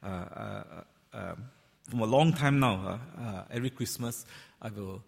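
Male preacher, sermon, conversational, breathy voice, church hall reverb. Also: lowish voice, moderate pace. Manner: conversational, teasing the congregation, frequent fillers. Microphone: handheld or stand microphone.

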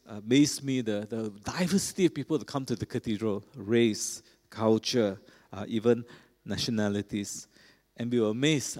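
A man delivers a sermon in a cathedral, his voice carrying a long hall reverb. He speaks earnestly at a middle pitch, pausing with fillers and restarting phrases as he explains scripture. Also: darkish tone. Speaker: preacher.

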